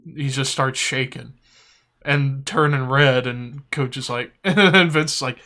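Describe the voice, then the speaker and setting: A man co-hosting a podcast, telling stories in a casual chat, animated and often laughing as he acts out voices. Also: medium pitch, takes it slowly. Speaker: podcast co-host.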